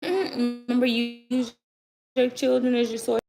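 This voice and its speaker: With kids talking nearby, a woman in her thirties vlogs casually from her kitchen, telling viewers, whom she calls y'all, about cooking for her kids. This chatty mom's voice is fairly high, gravelly and unhurried, with little pitch movement, heard over music on a low-quality recording.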